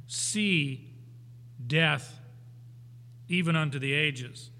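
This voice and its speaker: Unhurried older man teaching scripture. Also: fairly high pitch, bright, forceful tone. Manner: folksy, unhurried, with anecdotes and chuckles; emphatic when reading scripture aloud. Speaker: Bible teacher. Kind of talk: verse-by-verse Bible teaching. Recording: hall reverb.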